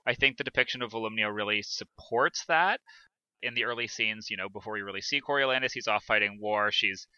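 A man's voice: fairly low pitch, brisk, bright, forceful tone, clean tone, dry recording. A man co-hosting a podcast, talking through a theatre production in a casual, hesitant way, with many restarts. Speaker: podcast co-host. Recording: dull dry lo-fi sound.

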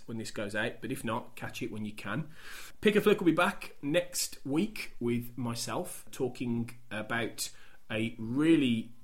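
A man hosting a podcast, chatting casually and teasing his guest with a laugh. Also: medium pitch. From English Midlands. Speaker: podcast host.

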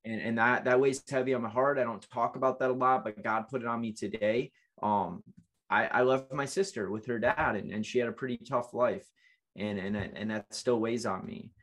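Here a man in his late twenties, a guest being interviewed, shares his life story with earnest emotion and many restarts. His mid-range voice is fairly bright, moves at a normal speed, and keeps a fairly even intonation.

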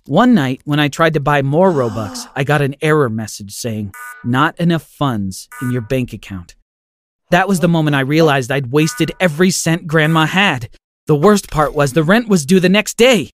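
Expressive male story narrator. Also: fairly high pitch, moderate pace.

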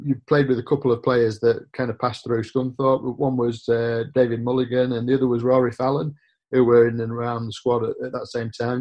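Man asking questions on a dull line. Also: medium pitch. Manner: relaxed, hesitant with ums. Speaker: podcast interviewer. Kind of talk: casual interview questions. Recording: dull lo-fi sound.

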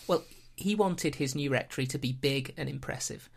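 A British woman hosts a casual podcast and tells a history story at a relaxed pace. Her humour is dry and wry, with little asides. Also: very deep voice, normal speed, creaky, slightly rough. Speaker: podcast host.

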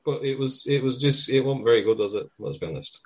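A man's voice: medium pitch, fast talker, a little mellow. A man hosting a podcast, chatting casually and laughing often. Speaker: podcast host. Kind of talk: casual chat.

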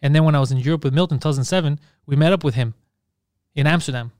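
A man co-hosting a podcast, telling stories in an animated, profane, laughing way. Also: a little high, very fast, dry recording, studio quality. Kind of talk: casual storytelling chat.

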